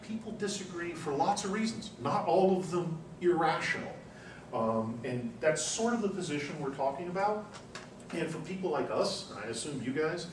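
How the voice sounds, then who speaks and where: A man giving a university class lecture, telling anecdotes in an animated, chatty way with frequent "you know"s. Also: medium pitch. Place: lecture room. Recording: roomy classroom, distant mic, faint hum.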